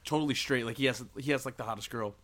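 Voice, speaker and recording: A man's voice: mid-range voice, fast, crowd noise. A young man co-hosting a podcast, chatting casually, joking and rambling with lots of filler words. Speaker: podcast co-host. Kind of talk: casual chat.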